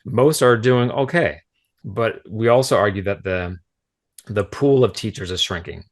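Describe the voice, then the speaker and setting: A deep-voiced man speaks frankly on a podcast as a guest. He explains his points plainly and often checks in with a rhetorical "right?". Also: measured pace. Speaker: guest author, former school principal. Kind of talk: casual podcast conversation.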